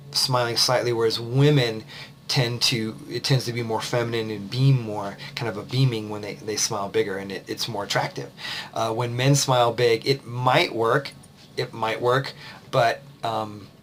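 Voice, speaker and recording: An American confidence coach talks to the camera in a loose, rambling way, sounding a little tired as he hands out casual advice. His medium-pitched voice is somewhat bright, with fairly even intonation and a normal pace, and he keeps using fillers and restarting sentences.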